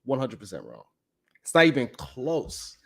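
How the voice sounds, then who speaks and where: A man's voice: medium pitch, big pitch swings, normal speed. A man, hosting a live stream in a blunt, profane, emphatic casual monologue that keeps checking in with "you know what I'm saying". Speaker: live-stream show host.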